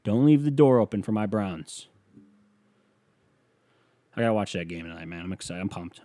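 A man's voice: on the low side, animated, normal speed, dark tone, no room sound. A man hosting a solo podcast, rambling and swearing casually as he jumps between topics and keeps interrupting himself. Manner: rambling, profane, self-interrupting. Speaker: podcast host.

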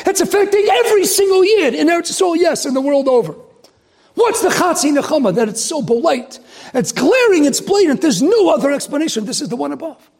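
A man, a rabbi, giving a sermon, swinging from loud outrage to hushed emphasis. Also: very high-pitched, animated, brisk.

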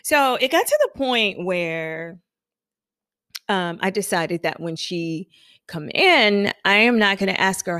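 A woman's voice: medium pitch, expressive, unhurried, a bit bright, no echo, studio quality. A woman hosting a podcast who gives an emphatic motivational monologue, repeating affirmations and telling stories. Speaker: podcast host.

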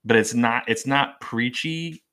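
Bright-voiced man chatting about movies. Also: mid-range voice, unhurried, a little hiss or hum. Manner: chatty, laughs often, acts out quotes. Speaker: podcast co-host. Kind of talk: casual movie discussion.

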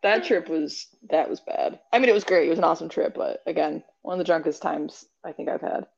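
A young woman chatting casually as a guest, laid-back and quick to laugh. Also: deep voice, vocal fry, darkish tone, muffled recording. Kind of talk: casual chat.

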